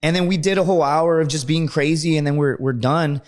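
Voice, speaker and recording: Male podcast guest, rapid, rambling, swears freely, chuckling storyteller. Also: fairly high pitch. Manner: rambling, profane, tags lines with "right?". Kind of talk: casual storytelling.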